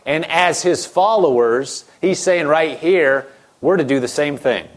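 A man's voice: on the high side, unhurried. A man preaching a sermon in a direct, conversational way, acting out quoted objections as he goes.

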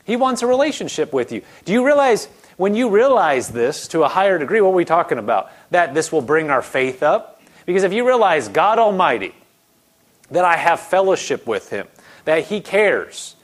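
Speaking at a moderate pace in a voice on the high side, this man delivers an earnest, conversational sermon and performs the voices he quotes. His manner starts out animated before easing into something quiet and gentle.

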